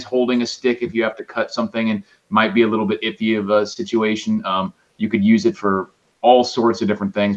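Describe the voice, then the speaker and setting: A man's voice: lowish voice, highs cut off. A man co-hosting a casual podcast, talking at length about his camping gear. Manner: relaxed, describing gear at length. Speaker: podcast co-host. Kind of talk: casual chat.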